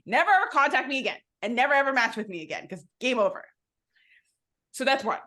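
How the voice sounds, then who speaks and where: Bright, blunt young woman. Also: fairly high pitch, animated, fairly quick. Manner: blunt, emphatic opinions. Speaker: podcast co-host. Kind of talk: casual chat.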